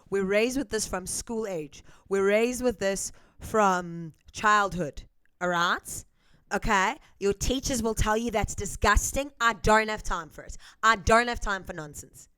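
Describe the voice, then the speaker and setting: A woman's voice: medium pitch, a little slow, a bit bright, smooth, no echo. A South African woman with a South African accent, talking to the camera with emphatic, repeated checks of "okay?". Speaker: YouTube commentator. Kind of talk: direct-to-camera commentary.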